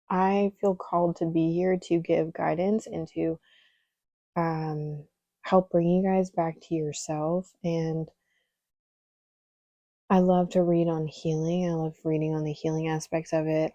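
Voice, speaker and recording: A woman's voice: fairly low pitch, warm tone, dry recording, dull audio. A young woman doing a casual, chatty tarot reading, candid and a little exasperated, with frequent ums and laughs. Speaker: tarot reader.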